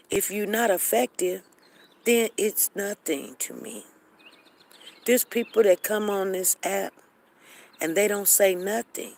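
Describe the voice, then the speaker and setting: A woman's voice: medium pitch, creaky, darkish tone. A woman hosting a casual live chat room, acting out both sides of arguments and repeating phrases.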